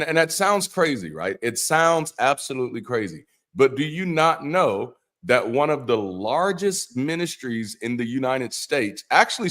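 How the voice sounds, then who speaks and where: A man's voice: mid-range voice, a bit bright. A man, an ex-pastor, hosting a Bible study livestream as a loose casual chat, joking and cursing, with frequent repeats and restarts. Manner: loose, profane, joking asides; repeats words and restarts often.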